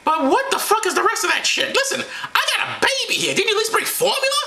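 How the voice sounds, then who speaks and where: A man putting on a high, shrieking voice for a foul-mouthed, indignant woman in a comedy bit. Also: very animated, fast talker, creaky, sharp tone, roomy sound, exaggerated voice. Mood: shrill indignant. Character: foul-mouthed shrill woman playing Mary.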